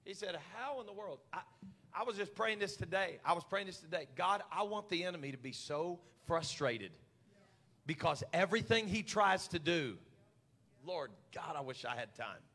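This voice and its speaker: A man preaching a sermon as pastor, stammering repeats and climbing into shouts. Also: high voice, lively intonation, moderate pace. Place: church hall. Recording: live church hall reverb.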